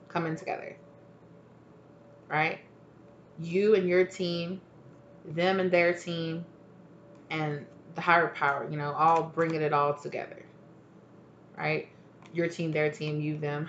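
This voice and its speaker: Chatty woman giving a roomy tarot reading. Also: deep voice. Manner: chatty, swears freely, laughs, acts out quoted lines. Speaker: tarot reader. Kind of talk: casual spoken tarot reading. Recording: roomy echo, faint noise.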